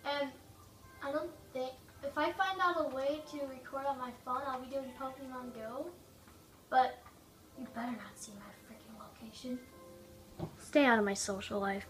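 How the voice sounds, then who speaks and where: A woman giving casual, rambling gameplay commentary, joking and mocking herself, her throat a little rough from coughing. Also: high-pitched, fairly even intonation, moderate pace, recorded from a distance, faint music behind. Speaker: gaming video maker. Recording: echoey room, away from mic, faint noise.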